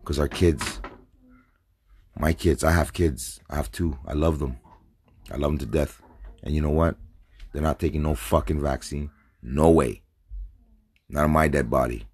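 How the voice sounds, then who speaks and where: Low-voiced man in a profane ranting monologue. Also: steady tone, a little slow, pauses often, darkish tone, breathy edge, no room sound. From North America. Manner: agitated, profane, rambling with repeated words. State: says he is drinking and smoking. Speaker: vlogger. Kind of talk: stream-of-consciousness rant to camera.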